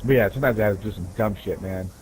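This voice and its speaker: Male gamer, low voice, casual profane storyteller, rambling, chatty. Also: very fast, background noise. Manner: profane, rambling, keeps asking "right?". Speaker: gamer telling stories while playing.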